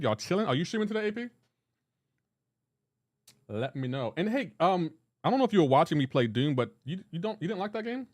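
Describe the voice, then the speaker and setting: Animated, teasing male game streamer. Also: fairly high pitch. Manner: teasing, banter-heavy, breaks into laughter. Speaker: live-streaming gamer. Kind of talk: casual live-stream chat, reading chat aloud.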